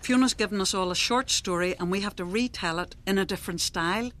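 A woman narrating a scripted dramatic monologue in a confiding, lively storyteller manner. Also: mid-range voice, fast.

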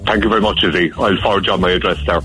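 A man's voice: low voice, steady tone, racing, sharp tone, faint music behind. A man calling in to a radio show, with dry self-mocking humour. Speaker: radio caller.

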